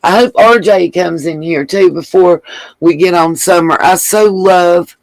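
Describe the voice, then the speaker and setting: A woman's voice: on the low side, unhurried, darkish tone, no room sound, rough recording. A woman hosting a casual livestream, reading viewer comments aloud and thanking them with gushing endearments. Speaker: livestream host.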